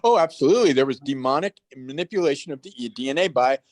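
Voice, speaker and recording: A man's voice: a little high, fast talker, dry recording. A man telling stories in a casual interview, acting out the voices of people he quotes. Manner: animated storyteller, acts out quoted voices. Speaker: guest, actor.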